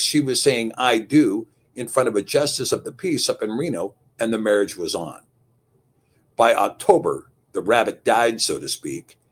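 A man narrating a story in a folksy, unhurried way. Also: fairly low pitch, breathy edge. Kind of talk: scripted narration.

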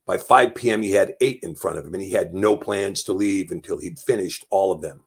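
A man's voice: low-pitched, fairly quick, husky. A man reading a novel aloud as narrator, telling it plainly and lightly voicing the dialogue. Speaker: audiobook narrator. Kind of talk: scripted narration.

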